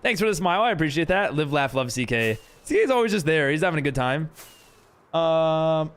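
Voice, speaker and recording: Lively high-voiced American man streaming. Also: fairly quick, smooth. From United States. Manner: chatty, reads and answers chat while building. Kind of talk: casual live-stream chat.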